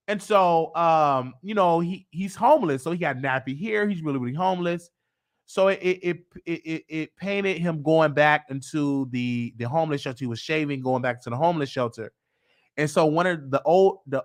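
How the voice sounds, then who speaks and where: This host speaks at a normal speed in a fairly bright voice on the high side. His show's monologue is a long, casual, rambling story full of repetition and fresh starts, with quoted people voiced differently.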